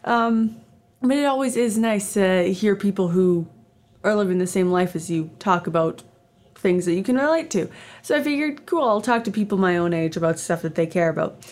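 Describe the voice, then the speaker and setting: A woman's voice: medium pitch, expressive, moderate pace, darkish tone. A woman in her twenties from Canada, hosting a casual solo podcast, chatty and rambling with lots of fillers and self-deprecating asides. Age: 20s. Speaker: podcast host.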